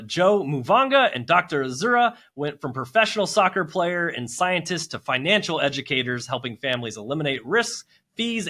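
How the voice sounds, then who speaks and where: Male podcast host, eager and effusive, bright forceful tone. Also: a little high. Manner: enthusiastic and effusive. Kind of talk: upbeat podcast hosting.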